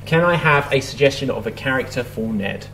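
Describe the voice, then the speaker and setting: A man's voice: mid-range voice, expressive, brisk, fairly bright tone, a little hiss or hum. A man hosting a live improv show, upbeat and laughing often.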